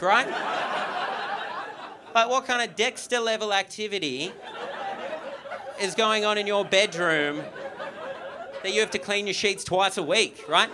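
A man's voice: high-pitched, expressive, a little slow, pauses often, background noise. A young Australian man doing a stand-up comedy set, chatty and self-mocking, with many asides to the crowd on a theatre stage.

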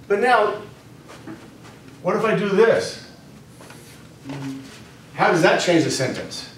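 A man giving a spiritual teaching to a small group, speaking deliberately and repeating key phrases for emphasis. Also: on the high side, fairly bright tone. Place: room with a live audience. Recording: very echoey room, distant mic, faint noise.

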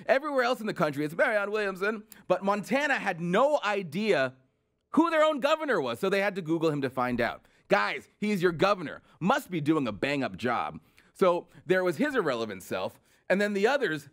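A man's voice: sits high, sing-song, normal speed, fairly bright tone. A man hosting political commentary, delivering a sarcastic, mocking comedic rant full of incredulous questions.

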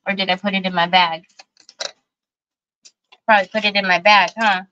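A woman's voice: medium pitch, level tone, normal speed, pushed and bright, highs cut off, slight background noise. A woman, hosting a casual craft livestream in a chatty, folksy way and talking straight to her viewers. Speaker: craft show host.

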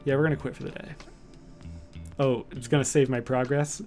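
A man streaming from home in casual chat, rambling with lots of fillers and cooing softly at his cat. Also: medium pitch, little pitch movement, fairly quick, faint music behind.

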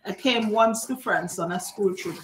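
A woman's voice: mid-range voice, moderate pace, a little hiss or hum. Chatty woman in echoey kitchen. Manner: chatty, warm greetings to viewers by name. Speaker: cooking stream host. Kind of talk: live-stream chat, reading out viewer comments. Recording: echoey room.

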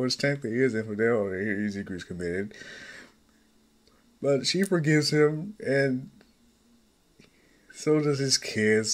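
A man narrating a fan story in a loose, conversational way, full of fillers and restarts. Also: medium pitch.

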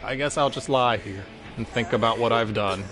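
A gaming streamer with a mid-range male voice gives let's-play commentary at a normal speed, with music in the background. He's playful and self-mocking, exclaiming and talking to the other players as he games.

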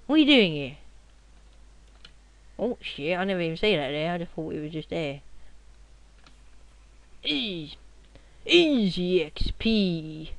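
A young man giving casual gameplay commentary at his computer, rowdy and swearing, often yelling at the game. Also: on the high side, animated, moderate pace, gravelly, long pauses, dry recording. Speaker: gaming commentator.

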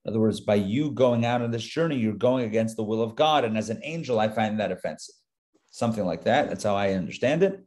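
A man's voice: on the low side, animated, fast talker, a little mellow. A male rabbi teaching a live Torah class, talking conversationally and dropping joking asides as he reads the text.

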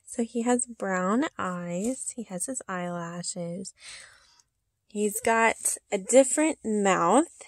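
A woman's voice: medium pitch, drawn-out words, no room sound. A woman unboxing a reborn doll on her channel, talking in a cooing baby-talk way and giggling often. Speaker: reborn doll collector and vlogger. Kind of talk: casual unboxing chat.

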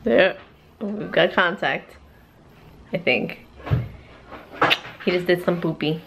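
A woman, a mother, telling a lively casual vlog story at home to a handheld camera, adding playful sound effects. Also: on the low side, slow, background noise. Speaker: vlogger and mother.

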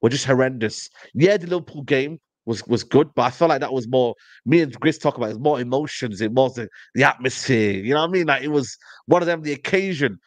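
A man's voice: medium pitch, quick pace, hardly any pauses, dry recording. Slangy man ranting about football. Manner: animated storytelling, slangy, repeats "you know what I mean". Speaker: football podcast panelist. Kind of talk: casual fan banter.

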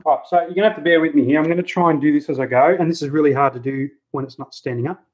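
A man giving a relaxed, chatty how-to while working on a hobby model at home, talking into a handheld camera. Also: a little high, very fast. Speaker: hobby model builder, channel host. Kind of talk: casual how-to crafting chat. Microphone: handheld camera mic. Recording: dull lo-fi camera audio.

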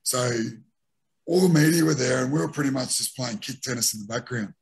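Aussie bloke, middle aged, husky voice, tells footy yarns and acts out what mates said. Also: male voice, mid-range voice, brisk. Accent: Australian. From Australia. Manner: animated anecdotes with re-enacted quotes. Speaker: former rugby league player, guest. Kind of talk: casual storytelling interview.

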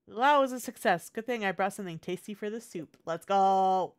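A woman's voice: medium pitch, moderate pace, hardly any pauses, clean tone. A woman streamer chatting casually over gameplay, talking to herself and the chat in a chatty, encouraging way. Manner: chatty, encouraging, self-talk.

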